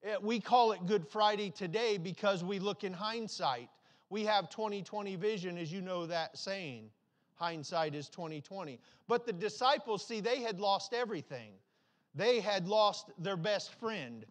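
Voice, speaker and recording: A male pastor delivers a sermon in a fairly high voice, repeating phrases line after line. He restarts and stumbles now and then as he builds toward his point. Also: lively intonation, moderate pace. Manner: repetitive, building preaching with restarts.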